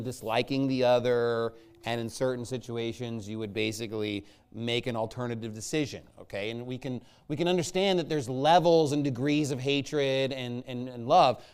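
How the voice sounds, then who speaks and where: A man preaching a conversational sermon, emphatic, punching his points and tagging them with "okay?" and "all right?". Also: smooth. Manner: lively, jumps between loud stresses and low asides.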